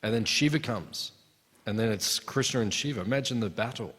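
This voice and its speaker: A man's voice: fairly low pitch, fairly quick, fairly bright tone, breathy edge. A man giving a devotional scripture class, telling stories conversationally and acting out the characters' lines. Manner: storytelling with acted asides, conversational. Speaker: class speaker. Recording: long hall reverb.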